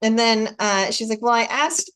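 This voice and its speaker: A woman's voice: fairly high pitch, normal speed, fairly bright tone, smooth. Chatty American woman on a video call. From United States. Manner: chatty storyteller, laughs often, acts out dialogue. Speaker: host. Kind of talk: casual chat on a video call.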